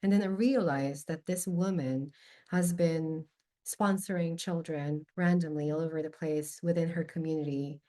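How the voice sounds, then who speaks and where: A woman in a podcast conversation, telling a personal story with lively expression and candor. Her voice sits somewhat low, and she talks casually, dropping the occasional curse word. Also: normal speed. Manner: animated, expressive anecdote-telling with casual swearing; candid, openly emotional. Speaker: podcast guest.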